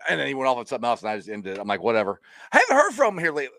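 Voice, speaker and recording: A man from hosting a sports podcast, excitable and laughing often as he hypes his listeners. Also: medium pitch, very fast, no room sound, studio quality. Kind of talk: casual sports podcast chat.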